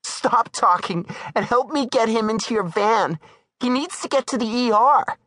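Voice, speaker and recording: Male narrator putting on a panicked, pleading woman, pitched way up; desperate, bossy. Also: lively intonation, normal speed, a bit bright, dry recording, clean studio sound. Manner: frantic, pleading.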